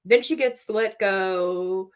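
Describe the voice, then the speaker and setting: A woman's voice: medium pitch, takes it slowly, clean tone. A woman hosting a casual livestream chat from home, talking freely, laughing often and trailing off mid-thought. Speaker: livestream host.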